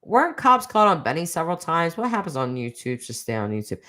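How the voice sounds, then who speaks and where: A woman's voice: low-pitched, very animated, bright, forceful tone. A middle-aged woman hosting a casual livestream chat, reading viewer comments with teasing asides and frequent laughs. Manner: chatty, teasing, laughs often, quick asides.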